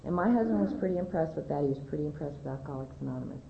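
Low-voiced woman in an echoey hall. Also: animated, racing, vocal fry. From California. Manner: rambling, conversational, many fillers and restarts. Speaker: speaker sharing her recovery story. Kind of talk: personal testimony talk to an audience. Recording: echoey hall, dull lo-fi sound, faint rumble.

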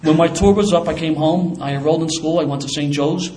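A man telling a brisk, lively story from Philly. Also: fairly high pitch. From Philadelphia. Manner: lively, casual storyteller with street slang. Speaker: former police officer. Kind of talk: personal storytelling.

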